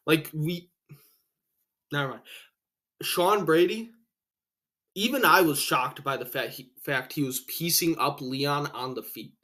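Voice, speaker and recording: This young man hosts a casual solo reaction to fight results, excitable, slangy and swearing freely. He sounds a little high and is breathing heavily, a bit out of breath.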